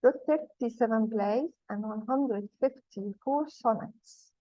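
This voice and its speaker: A woman's voice: a little high, slow pace, dry recording. A woman teaching a poetry lesson, patiently explaining terms and repeating key points. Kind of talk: classroom lesson. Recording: dull lo-fi sound.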